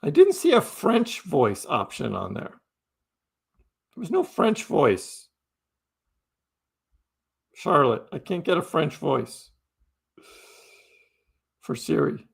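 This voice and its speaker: Slow, with frequent pauses and huge swings in pitch, this man's slightly high voice sounds gravelly and husky. He's a crypto livestream host chatting casually, reading out and responding to viewer messages.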